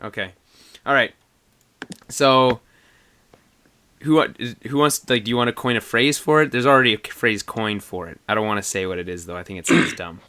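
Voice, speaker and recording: A man co-hosting a casual podcast with a bright, forceful voice. He rambles, laughs a lot and lets sentences trail off halfway. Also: mid-range voice, a little fast, long pauses, clear, resonant tone. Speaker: podcast co-host. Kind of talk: casual chat.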